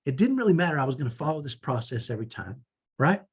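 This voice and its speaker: A middle-aged man giving a conversational teaching talk to parents, often checking in with a quick "right?" as he makes his points. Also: mid-range voice, big pitch swings, breathy edge. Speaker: parent coach.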